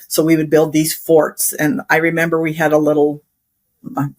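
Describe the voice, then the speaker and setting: A woman's voice: low-pitched, monotone, moderate pace, darkish tone. Middle-aged woman, interview guest, rambling and chatty, laughs often, casual storytelling. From Wyoming. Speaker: interview guest, instructional designer.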